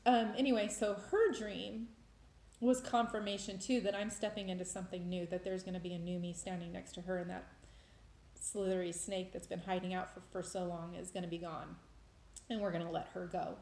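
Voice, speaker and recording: A woman with a fairly low, darkish voice speaks fairly quickly in a level tone while sharing a faith experience on her vlog. The casual testimony is emotional and rambling with frequent restarts, recorded with roomy echo.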